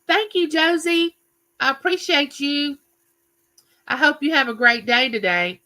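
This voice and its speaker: A woman's voice: high-pitched, unhurried, pushed and bright, poor audio. A woman, chatting casually and telling stories on her live stream, greeting viewers by name. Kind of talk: casual chat.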